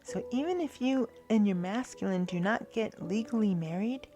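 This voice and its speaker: A woman giving a spiritual tarot reading in a soft, earnest way, now and then dropping to a hushed whisper. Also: mid-range voice, normal speed, soft background music. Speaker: tarot reader.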